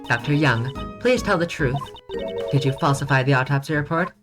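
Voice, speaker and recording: A composed female judge from a video game, read by a woman. The delivery is formal and steady, in a low voice, with game music clearly behind. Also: normal speed.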